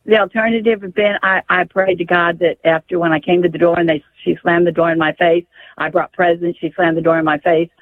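An older woman rings a radio show and tells a painful family story in a pleading, stumbling way. Her fairly low voice moves briskly with fairly even intonation. There is no room sound, just the tinny quality of the telephone line.

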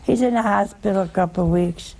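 A woman's voice: medium pitch, fairly quick, darkish tone. A woman giving a folksy sermon, chatty and teasing, full of rhetorical questions to her listeners. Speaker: religious teacher.

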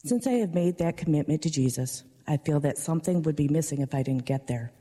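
A woman, a parishioner, reading a prepared personal testimony in a church, earnest and steady. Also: deep voice, fairly quick, breathy edge. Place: large church. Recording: long church reverb.

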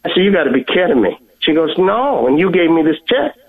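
A man calling in to tell a personal faith story, earnest and halting, often repeating his words. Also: fairly high pitch, animated. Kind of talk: heartfelt storytelling. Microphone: telephone. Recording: tinny phone line.

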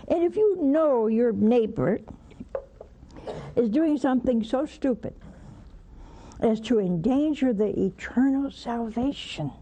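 A woman's voice: on the high side, big pitch swings, a little slow, dark tone. An older woman hosting a religious call-in show, preaching emphatically, scolding and mocking. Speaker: religious TV host taking calls.

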